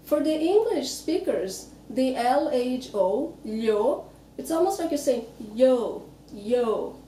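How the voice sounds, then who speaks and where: A woman with a Brazilian accent explains pronunciation patiently, sounding out each word slowly. Her voice is slightly high and mellow. She sits back from the microphone in an echoey room with faint background hiss. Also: very animated, recorded from a distance. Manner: patient, demonstrates words slowly. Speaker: Portuguese teacher.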